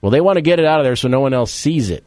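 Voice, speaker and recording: A man's voice: mid-range voice, lively intonation, darkish tone, dry recording. A man hosting a sports talk radio show, chatting casually and jokingly, then reading an ad in the same easy way. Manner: chatty, jokey, spells words out slowly. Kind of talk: casual radio chat and live read ad.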